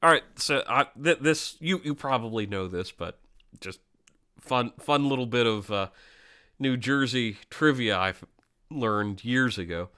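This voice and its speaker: A man's voice: medium pitch, pushed and bright. A man hosting a casual chat, asking curious, enthusiastic questions.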